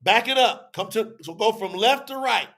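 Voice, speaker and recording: High, bright-voiced man teaching. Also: expressive. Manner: conversational, acts out both sides of an argument; repetitive, drawn-out explaining. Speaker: teacher on a religious telethon. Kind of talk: animated teaching to a live audience.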